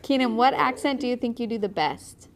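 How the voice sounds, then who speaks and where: A woman's voice: on the high side, animated, a little fast. A woman hosting a live watercolor tutorial, chatting casually and teasing her crew between painting steps. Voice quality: laughs easily, playful and teasing. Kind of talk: casual chat while painting.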